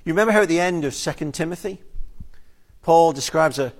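Here a man with a slightly high voice gives an earnest, emphatic expository sermon. Key phrases get drawn out, and now and then he says a word twice.

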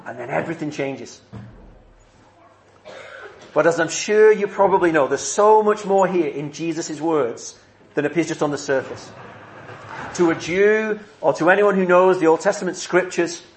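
A man's voice: on the high side, slight background noise. Earnest man preaching a sermon. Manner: earnest, measured, with emphatic repeated phrases.

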